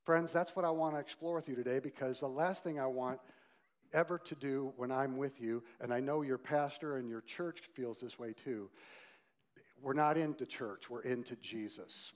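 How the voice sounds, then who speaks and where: A middle-aged man preaching as a guest speaker, animated and emphatic, swinging from loud bursts to hushed lines and getting the listeners to answer aloud. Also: medium pitch. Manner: asks the listeners to join in aloud. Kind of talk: sermon.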